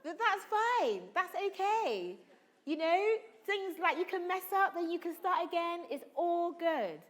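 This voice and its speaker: Animated woman coaching an acting class. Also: very high voice, measured pace. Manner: animated, coaxing, asks the group constant questions. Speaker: drama workshop leader. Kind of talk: energetic acting workshop coaching. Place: school hall or conference room.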